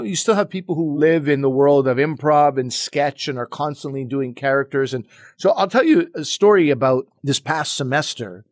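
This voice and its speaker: A man who teaches comedy, talking in a relaxed, reflective way during a casual podcast conversation, with frequent "you know" asides. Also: a little high, dry recording, studio quality.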